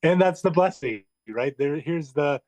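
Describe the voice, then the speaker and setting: A man's voice: a little high, expressive, measured pace, darkish tone, dry recording. A man co-hosting a conversation, reacting with encouragement and asking questions. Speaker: co-host. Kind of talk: casual conversation.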